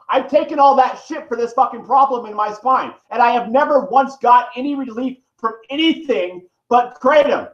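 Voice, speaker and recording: A man's voice: very high voice, a bit bright. A man vlogger in pain, delivering a heated, profane, rambling rant to the camera. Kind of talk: angry direct-to-camera rant. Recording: echoey room, dull lo-fi sound.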